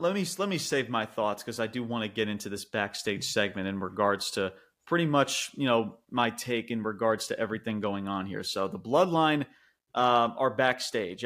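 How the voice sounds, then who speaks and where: A man co-hosting a podcast, giving an animated, rambling review in casual chat with frequent restarts. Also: on the low side, normal speed. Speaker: wrestling podcast co-host.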